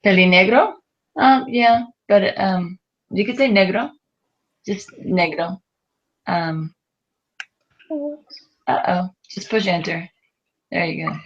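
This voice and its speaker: A woman's voice: medium pitch, slow pace, long pauses, lo-fi sound. A woman teaching a Spanish class, patiently going over exercises and prompting students with questions, with a lot of fillers.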